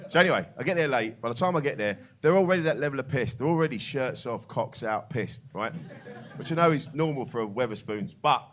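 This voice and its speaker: A man's voice: mid-range voice, lively intonation, fast, fairly bright tone, slight background noise. A man doing a stand-up comedy set in a club, brash and swearing, mocking laddish banter. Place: comedy club with live audience. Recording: live club with crowd laughter.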